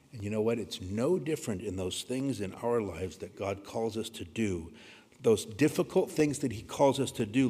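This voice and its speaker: A man preaching a sermon, earnest, dropping to a hushed voice when he quotes scripture. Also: on the low side, husky. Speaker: pastor. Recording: reverberant hall.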